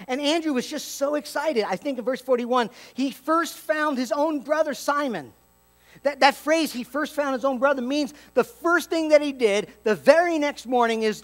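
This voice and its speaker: A man preaching a sermon as pastor, telling stories with lively acted-out dialogue and dropping to a hushed tone for emphasis. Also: extremely high pitch, moderate pace. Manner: animated storytelling, acts out dialogue.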